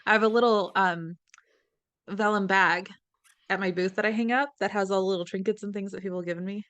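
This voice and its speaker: Fast and medium-pitched, this podcast co-host has a steady, fairly bright voice, recorded dry. She's a chatty storyteller who performs the voices of those she quotes and drops casual swears.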